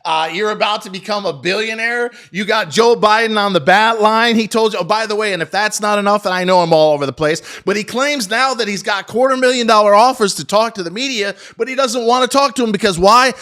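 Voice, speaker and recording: A man's voice: high voice, fairly quick, hardly any pauses, a bit bright. A middle-aged man hosting a stock trading channel, ranting sarcastically and profanely as he comments on the market, rambling with frequent restarts.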